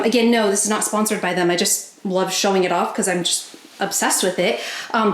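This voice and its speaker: A woman chatting casually to her viewers while doing chores at home, talking to her dogs now and then. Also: medium pitch. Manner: chatty, talks to her dogs in a bright coaxing voice. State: a bit out of breath from chores. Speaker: pet vlogger. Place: bedroom at home. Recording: echoey room, faint noise.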